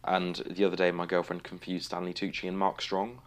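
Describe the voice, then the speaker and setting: A man's voice: low-pitched, completely flat delivery, a little fast. A man co-hosting a podcast in casual chat, dry and matter-of-fact. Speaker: podcast co-host.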